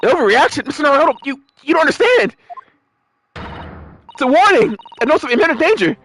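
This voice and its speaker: A man voicing an excitable, formal young woman assistant in a game, with shrill, panicky outbursts. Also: brisk, full character voice. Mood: alarmed.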